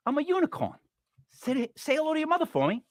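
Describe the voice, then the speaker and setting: A man's voice: very high voice, huge pitch swings, fast, dry recording, clean studio sound, voice pushed up, heavily acted. A man putting on a swaggering, chummy tough-guy voice for a male unicorn in a celebrity impression. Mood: cocky.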